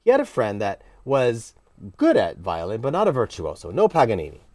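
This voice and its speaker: A man teaching a casual cello lesson, talking in an animated, playfully emphatic way with sudden exclamations. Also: mid-range voice, a little fast, dry recording. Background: cello playing.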